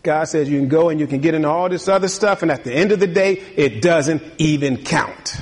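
A man's voice: on the high side, fairly quick. A man, a pastor, preaching a sermon in a conversational way, laughing often and building to emphatic bursts.

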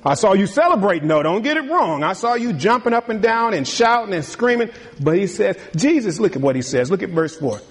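Pastor guy preaching, kinda high voice, loose and chatty, laughs a lot then gets loud and fired up. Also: expressive, brisk, slight background noise. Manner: conversational preaching, laughs often, builds to emphatic bursts. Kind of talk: sermon.

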